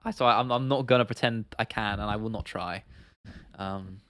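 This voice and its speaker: A man's voice: fairly low pitch, steady tone, brisk, a bit bright, dry recording, clean studio sound. Blunt, slangy young British man streaming. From United Kingdom. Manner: blunt, slangy, swears freely, trails off into restarts. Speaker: livestream host. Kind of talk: casual livestream Q&A chat.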